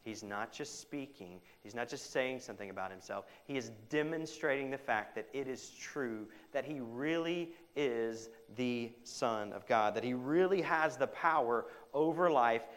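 Male pastor, mid-pitched voice, sermon with big swings from loud emphasis to hushed quotes, chatty asides. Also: expressive, measured pace, hardly any pauses. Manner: conversational asides with "right?".

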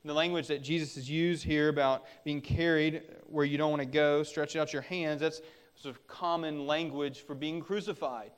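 A man's voice: a little high, steady tone, moderate pace, smooth. A middle-aged man preaching a sermon as a pastor, earnest and exhorting, pressing harder on his warnings.

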